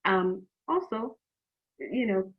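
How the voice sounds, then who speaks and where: A woman's voice: medium pitch, animated, slow. Middle-aged woman giving teens frank faith advice, earnest, keeps restarting words, sounds like a phone line. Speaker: youth program teacher. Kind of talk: faith-based talk to teens.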